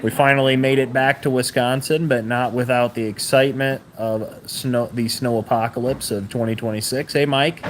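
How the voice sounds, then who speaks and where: A chatty man hosts a live stream on his phone, talking easily at a middle pitch. He greets viewers by name and laughs often. Faint noise sits under his voice. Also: steady tone, moderate pace, hardly any pauses. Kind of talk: casual live-stream chat.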